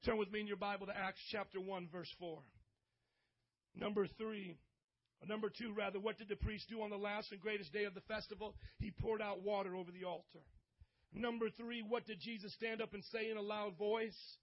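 Man, youth pastor, sermon, emphatic, call-and-response, very high voice, muffled lo-fi sound. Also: fairly even intonation, normal speed. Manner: emphatic preacher, calls on the audience to respond; swings between loud exhortation and hushed, intimate delivery. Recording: dull lo-fi audio.

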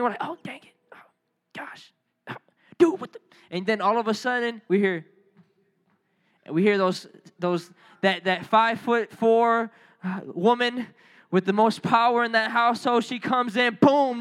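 A man preaching a sermon as a youth pastor, telling lively stories and calling on the crowd to respond. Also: high-pitched.

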